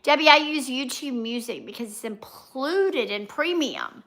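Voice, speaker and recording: A high-pitched woman with a bright, ringing tone chats casually on a livestream. She reads her viewers' comments aloud and answers them one by one, greeting people by name. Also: animated, unhurried. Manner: chatty, talks straight to her viewers by name. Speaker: vlogger and livestream host.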